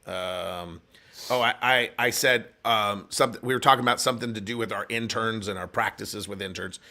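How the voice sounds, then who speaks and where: A middle-aged man with a doctorate telling stories in a casual faith talk show chat, animated and prone to excited bursts. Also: lowish voice, brisk. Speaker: church leader with a doctorate.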